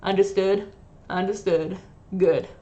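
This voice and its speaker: A woman's voice: medium pitch, steady tone, takes it slowly, warm tone, muffled recording, natural voice. A woman playing a curt, pompous doctor. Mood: condescending. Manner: curt, condescending, impatient. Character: greedy, pompous male hospital doctor.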